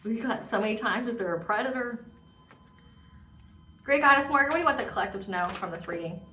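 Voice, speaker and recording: A woman reads tarot in a casual, rambling way, repeating words for emphasis. Her voice is bright and fairly high. It echoes around the room and sits away from the mic. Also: expressive, fast, recorded from a distance, slight background noise. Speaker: tarot reader. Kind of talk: casual spiritual tarot reading.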